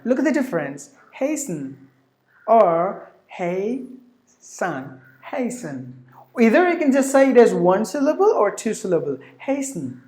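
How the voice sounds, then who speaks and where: A woman's voice: on the high side, roomy sound. A woman teaching pronunciation, repeating each word several times with many fillers. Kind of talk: online pronunciation lesson.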